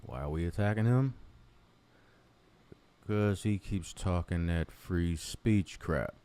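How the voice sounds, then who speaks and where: Low-voiced man on a profane rant. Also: slow pace, dark tone, clean tone. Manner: confrontational, mocking, heavy swearing. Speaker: commentary vlogger. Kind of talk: profane ranting commentary.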